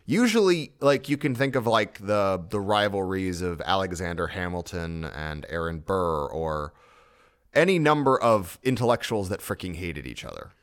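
Lecturing male podcast host, lively pitch. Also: normal speed. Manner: lecturing, declarative pronouncements. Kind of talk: casual opinionated chat.

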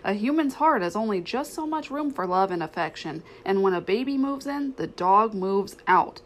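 A woman's voice: medium pitch, expressive, normal speed, lightly acted. A woman voicing a cocky streetwise male stray dog, swaggering and sardonic. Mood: cynical, swaggering.

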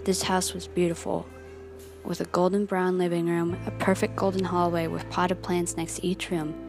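A woman's voice: fairly low pitch, flat delivery, normal speed, vocal fry. A young woman telling a story in the second person, dramatic and questioning, with music behind.

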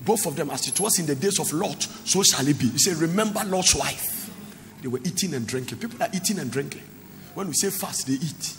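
A man's voice: fairly high pitch, animated, fast talker, slight background noise. A man, a pastor preaching a sermon that slips into song and local words. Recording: echoey hall with faint ambience.

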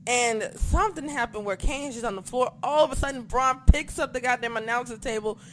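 A podcast co-host in a casual recap chat, who talks excitably, swears a lot and acts out their own reactions. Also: medium pitch, a little hiss or hum.

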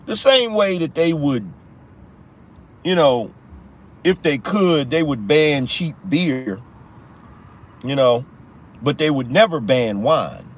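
A man's voice: fairly high pitch, lively intonation, takes it slowly, long pauses. A man hosting a live political commentary show, talking in a slangy, repetitive style and teasing his audience. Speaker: podcast host.

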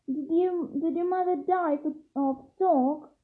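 A woman reading aloud voices a sneering rich schoolboy who talks in a slow, lazy drawl. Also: extremely high pitch, voice pushed up. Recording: tinny phone-like sound.

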